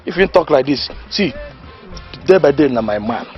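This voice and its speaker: An actor with a Nigerian accent playing a boisterous village know-it-all who gives mock lessons and laughs mid-sentence. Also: male voice, mid-range voice, animated, normal speed, highs cut off, natural voice. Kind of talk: Nollywood comedy film acting. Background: faint background music.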